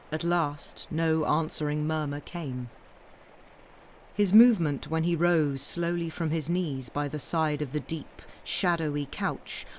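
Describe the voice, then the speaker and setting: A woman reading a sea story aloud in a measured way, now and then stumbling and correcting herself. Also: deep voice, darkish tone, a little hiss or hum. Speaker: reader. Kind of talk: audiobook-style story reading, livestreamed.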